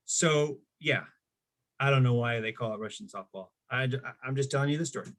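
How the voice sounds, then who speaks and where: A middle-aged man telling stories in a casual chat, animated, jumping into higher voices for the people he quotes. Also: fairly quick. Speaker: guest. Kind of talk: casual storytelling.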